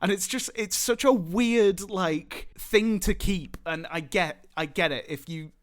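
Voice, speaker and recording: Brief: young co-host, slightly higher voice, hesitant then lively, lots of ums. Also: male voice, unhurried. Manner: rambling, hesitant, animated retelling. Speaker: podcast co-host. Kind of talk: casual chat.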